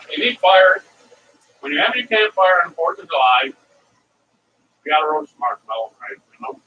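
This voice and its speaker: A man's voice: a little high, pushed and bright, muffled recording. A middle-aged man hosting a casual cooking vlog, rambling and chatty as he talks viewers through his recipes and wanders off into side stories. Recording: distant mic with faint ambient noise.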